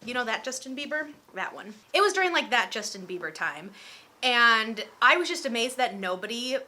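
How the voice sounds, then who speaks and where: A young woman in her twenties chats through a storytime vlog. She is animated and full of filler words. Her voice is bright and sharp, a little higher than most. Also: moderate pace. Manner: chatty, animated, lots of fillers. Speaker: storytime vlogger.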